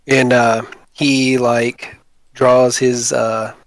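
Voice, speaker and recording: A man in a medium register narrates a tabletop game as game master. He rambles and piles on fillers. His voice is gravelly and sits close and dry on the mic. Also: medium pitch, level tone, drawn-out words, dry recording.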